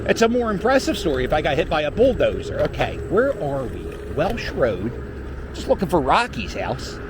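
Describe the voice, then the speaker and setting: This middle-aged man from Philadelphia speaks at a normal pace in a very animated, higher-pitched voice as he scooters through city streets for his vlog. He's rambling, joking and profane, and faint traffic sounds can be heard.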